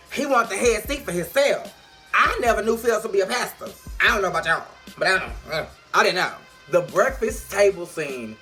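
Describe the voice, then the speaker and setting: A woman giving a casual video review of a TV episode, sassy, animated and full of profanity. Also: mid-range voice. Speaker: TV show reviewer.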